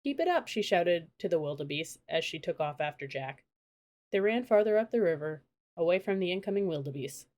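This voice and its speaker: A woman reading a children's storybook aloud in a steady storytelling manner. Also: lowish voice, brisk. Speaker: audiobook narrator.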